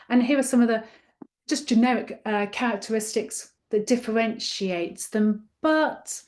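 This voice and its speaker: A woman presenting a live online training session for teachers. Her voice sits a little on the high side, and she keeps the talk friendly and conversational. She coaxes her listeners along and regularly asks them to join in. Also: darkish tone. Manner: encouraging, chatty and interactive.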